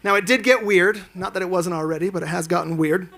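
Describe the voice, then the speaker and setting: High bright-voiced man doing stand-up. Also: fast. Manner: animated storytelling, acting out quotes with sudden jumps in pitch. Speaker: stand-up comedian. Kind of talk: stand-up comedy set. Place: live event lounge.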